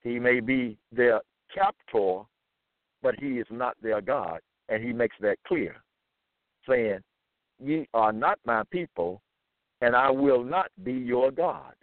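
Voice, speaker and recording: A man giving a deliberate scripture lecture and quoting verses with stress. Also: medium pitch, animated, no echo. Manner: slow, deliberate, quotes verses with emphasis. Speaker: religious teacher. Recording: tinny phone-like sound.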